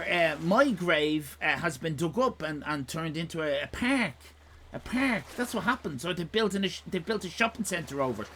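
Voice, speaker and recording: Irish male streamer, digressive and swearing, with a bouncy, expressive voice and a faint hiss of room ambience. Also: fairly high pitch, moderate pace. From Ireland. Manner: rambling, digressive, sweary, jokey. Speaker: live streamer host. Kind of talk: casual live-stream chat.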